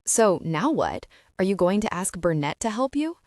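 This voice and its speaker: A woman's voice: medium pitch, very animated, normal speed, darkish tone, dry recording, recorded from a distance, natural voice. Woman doing a teasing southern teen guy, keeps pushing, dry sound a bit off mic. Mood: earnest. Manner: teasing and persistent.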